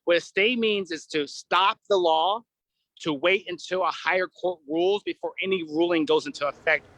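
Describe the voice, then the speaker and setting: High-pitched male attorney, dry sound. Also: moderate pace, a bit bright, dry recording, low-quality recording. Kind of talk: explanatory interview.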